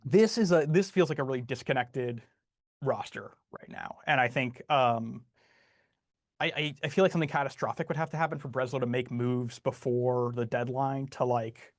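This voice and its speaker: Halting man with a dry close sound. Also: mid-range voice, no echo. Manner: halting, heavy use of "like", frustrated. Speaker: podcast co-host. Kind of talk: casual sports chat.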